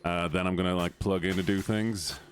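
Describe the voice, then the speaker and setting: A man streams a video game, bantering playfully with his viewers and slipping into silly voices as he comments casually. His voice sits low and he talks briskly, with a little hiss or hum in the audio.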